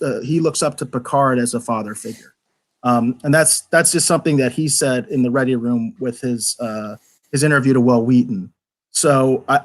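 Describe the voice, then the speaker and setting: A man talking casually as co-host of a live review show, animated and rambling, often restarting his sentences. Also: medium pitch. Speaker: podcast co-host.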